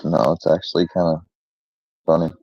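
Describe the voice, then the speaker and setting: A man hosting his own channel, rambling defensively with many fillers and pauses as he rants casually. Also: very deep voice, little pitch movement, no room sound. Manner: rambling, halting, full of fillers; defensive, irritated. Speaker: channel host. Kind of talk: rambling casual vlog rant. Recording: dull lo-fi close recording.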